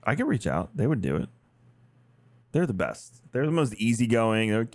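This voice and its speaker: A man's voice: on the low side, sing-song, moderate pace, dry recording. A man co-hosting a casual podcast, joking around and breaking into silly voices. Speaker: podcast co-host.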